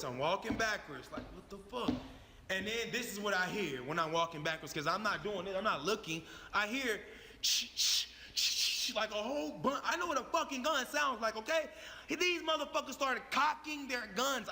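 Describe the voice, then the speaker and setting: A man's voice: high voice, animated, normal speed, sharp tone. A young man telling his own story in a heated, profane, emphatic way. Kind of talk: animated storytelling. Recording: long reverb on the voice.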